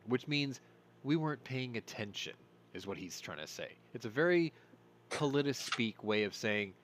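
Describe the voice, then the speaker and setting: A man's voice: mid-range voice, animated, normal speed, fairly bright tone, a little hiss or hum. A man hosting a casual news commentary show, rambling, going off on tangents and apologizing for them. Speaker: host.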